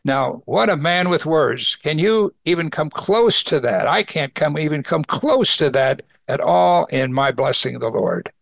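A pastor teaches verse by verse through a Bible passage, reading scripture aloud and then adding warm, exclamatory comments of his own. His slightly high voice has lively intonation, vocal fry, and a measured pace, with few pauses and no room sound.

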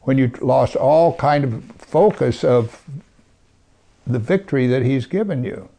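A man preaching a sermon, reading scripture aloud and talking to his congregation with earnest emphasis, sometimes dropping to a hush. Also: mid-range voice, animated, unhurried. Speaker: pastor.

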